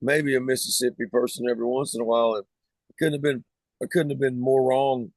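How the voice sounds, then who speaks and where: A man's voice: mid-range voice, fairly even intonation, quick pace, a little mellow, dry recording. A man with a Southern US accent, a band singer telling easygoing stories as a guest in a casual podcast interview.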